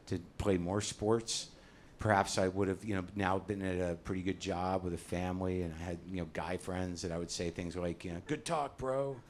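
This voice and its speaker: A man's voice: low voice, slight background noise. An older man doing a self-deprecating stand-up routine on a comedy stage, talking conversationally into a handheld mic. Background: audience laughter.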